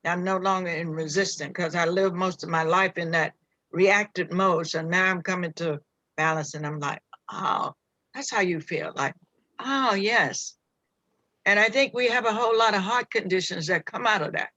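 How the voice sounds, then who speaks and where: A woman's voice: fairly low pitch, steady tone, fairly quick, sharp tone, no room sound. A woman sharing reflective, heartfelt thoughts on a group call, earnest and searching, often restarting her sentences. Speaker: call participant.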